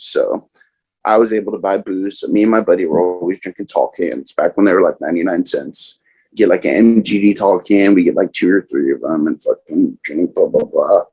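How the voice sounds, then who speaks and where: Husky low-voiced man telling a wild story. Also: rough recording. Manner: profane, animated, quotes others in raised voices. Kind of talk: casual storytelling.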